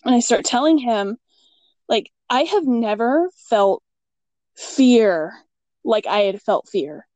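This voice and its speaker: A middle-aged woman telling a ghost story in casual chat, acting out her own quotes with big jumps in pitch. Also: lively intonation, slow pace, a little mellow, no echo.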